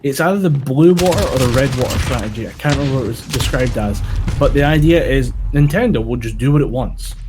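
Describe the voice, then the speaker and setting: A man's voice: mid-range voice, expressive, fast. A man co-hosting a casual chat about games and tech, with dry, sardonic humor and some swearing. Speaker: podcast co-host. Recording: gaming audio noise behind. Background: clicks and gunfire from a game.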